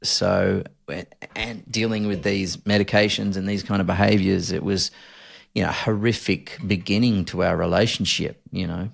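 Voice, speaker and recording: Australian male guest in his 40s, low and gravelly, candid halting storyteller. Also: fairly even intonation. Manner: earnest, halting with many restarts. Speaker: podcast guest.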